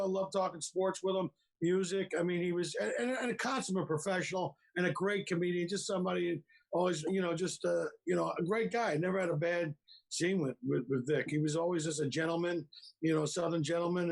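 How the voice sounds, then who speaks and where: High-voiced comedian, animated. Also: male voice, vocal fry. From Philadelphia. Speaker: comedian guest. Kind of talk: casual video call chat. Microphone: video call.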